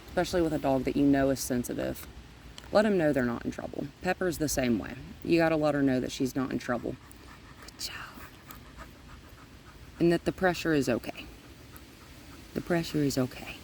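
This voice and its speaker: Mellow-voiced woman coaching a dog. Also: a bass voice, moderate pace, pauses often, slight background noise, low-quality recording. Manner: gentle, coaxing, talks to the dog in between. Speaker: dog trainer. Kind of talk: casual training narration. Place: outdoors with a dog.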